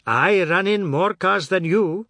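A man voicing a loud, boastful man who is quick to anger and roars his mocking lines. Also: high voice, dry recording, pitched above the performer's own voice, full character voice. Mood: angry. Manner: roaring, brash, mocking.

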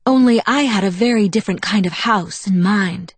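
A woman's voice: mid-range voice, moderate pace, breathy edge, no echo. A woman voicing a proud, bitter young woman vampire who tells her past in a wistful, self-mocking way, in an audiobook. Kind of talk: audiobook character reading.

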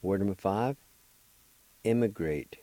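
A man's voice: on the low side, slow pace, mellow, no room sound, poor audio. A man hosting a radio language lesson, spelling out words letter by letter and repeating each syllable patiently. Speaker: language teacher and radio host.

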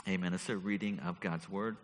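Low-voiced pastor reading scripture in a hall. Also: male voice, steady tone, a little fast. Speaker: pastor leading the service. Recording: long hall reverb.

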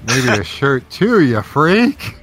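A man who is a player in a tabletop game, excitable and slangy, teasing the others. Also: medium pitch, takes it slowly, breathy edge. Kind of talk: tabletop role-play.

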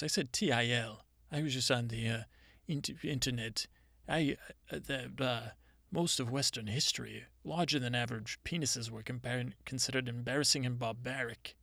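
With a creaky, medium-pitched voice and no echo, a man improvises a comedy monologue as a pompous, rambling female Mother Nature spirit. Her stories come out halting and deadpan.

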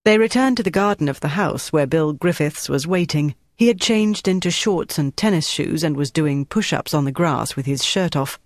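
An audiobook narrator reading a novel in a steady, measured storytelling manner. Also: medium pitch, dry recording, clean studio sound. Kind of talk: scripted narration.

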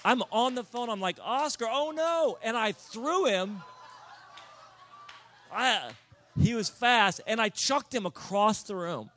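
A man telling a comic personal story in a sermon, animated and building to near-shouts. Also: high-pitched, moderate pace, few pauses, a little hiss or hum.

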